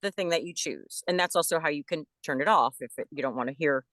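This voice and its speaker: A middle-aged actress, a guest on a video call interview, explaining her work in a casual, lively storytelling way. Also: deep voice, fast, dry recording.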